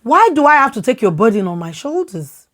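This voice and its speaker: Emphatic Nigerian woman, lively pitch. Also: fairly quick. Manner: emphatic, repeats words when worked up; loud, expressive way of talking. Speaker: podcast host. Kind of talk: impassioned opinion talk.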